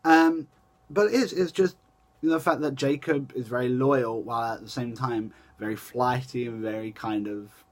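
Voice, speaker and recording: A man's voice: medium pitch, normal speed. A young man talks straight into his camera in a loose, chatty vlog style, his voice sitting in an ordinary middle range. He rambles, breaks off and restarts his sentences, and corrects himself as he goes. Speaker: vlogger. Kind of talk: casual chat to camera.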